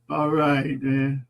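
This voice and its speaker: The host of a live comedy talk show speaks in a gravelly, medium-pitched voice. He chats casually and rambles, with plenty of fillers and restarts throughout.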